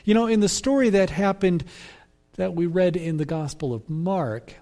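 A man preaching a sermon as pastor, in a measured, reflective way that repeats phrases for emphasis. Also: high voice, dark tone.

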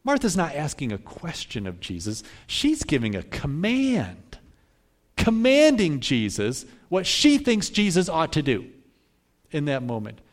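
Conversational male pastor, slightly high voice. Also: wildly swooping pitch, measured pace. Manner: conversational, often asks "right?" and pulls listeners in. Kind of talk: sermon.

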